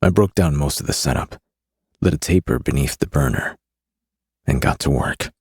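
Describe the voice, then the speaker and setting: A man narrating a dark fantasy audiobook in the first person, with a steady, grim delivery. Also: a bass voice, moderate pace, breathy edge, no echo, studio quality.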